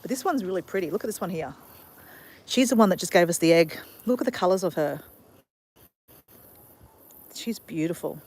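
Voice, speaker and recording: A woman's voice: fairly low pitch, animated, normal speed, pauses often, darkish tone. Chatty Australian woman live-streaming outdoors. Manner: chatty and upbeat, talking to viewers. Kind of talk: casual live-stream chat. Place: outdoors in a backyard with chickens.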